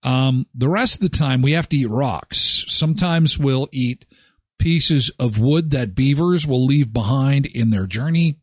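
A man's voice: mid-range voice, a little slow, breathy edge, no echo, clean studio sound. A middle-aged man from Canada hosting a live show, chatting casually and joking sarcastically as he reads viewer comments. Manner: animated, joking, sarcastic asides.

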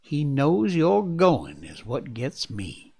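A man voicing a gruff frontier dog musher who speaks in a dry, plain-spoken drawl, a little higher than his own voice. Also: wildly swooping pitch, slow, mellow, exaggerated voice.

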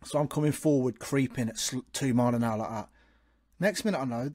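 Male co-host, animated storyteller; dry, close recording. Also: mid-range voice, fairly quick, no room sound. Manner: animated, acts out quotes. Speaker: podcast co-host, truck driver. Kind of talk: storytelling in casual chat.

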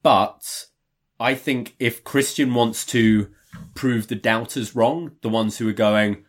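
A man co-hosting a wrestling podcast, giving his opinions in a thoughtful, measured way during casual chat. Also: medium pitch, fairly even intonation.

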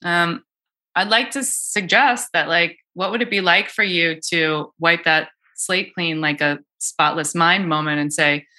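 Chatty woman coach, bright voice. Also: on the low side, a little slow. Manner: chatty, many fillers and restarts. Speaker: cold exposure coach. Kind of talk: casual podcast conversation.

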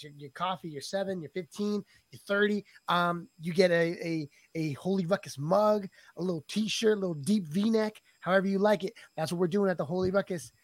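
A man hosting a podcast, upbeat and joking, with quick asides. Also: high voice, no room sound. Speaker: podcast host.

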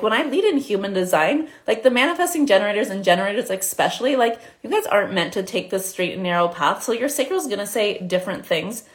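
A woman giving a live spiritual coaching talk in a quick, chatty way with many fillers. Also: medium pitch. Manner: fast, chatty, many "like" fillers, acts out inner voices.

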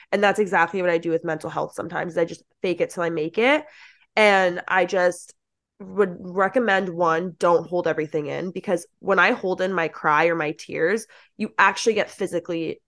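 A young woman as a podcast guest, chatting casually and peppering her talk with "like". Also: on the low side. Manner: chatty, lots of "like", acts out quoted thoughts. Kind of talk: casual chat.

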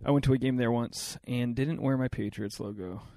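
A man's voice: mid-range voice, fairly even intonation, brisk, warm tone. A young man hosting a podcast, joking crudely and rambling in casual banter. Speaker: podcast host.

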